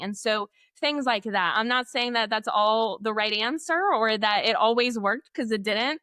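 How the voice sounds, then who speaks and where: A woman educator in an interview, telling classroom stories in an animated way, acting out students and laughing often. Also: a little high, normal speed, few pauses, dry recording, clean studio sound. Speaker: guest, literacy educator. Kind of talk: conversational interview.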